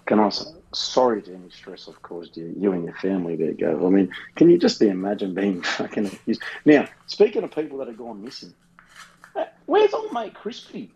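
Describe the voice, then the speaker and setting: A man's voice: low-pitched, expressive, a little fast, hardly any pauses, darkish tone, muffled recording. An Australian man co-hosting a podcast in casual banter, rambling and swearing freely. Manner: rambling, swears freely, often says the co-host's name. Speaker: podcast co-host.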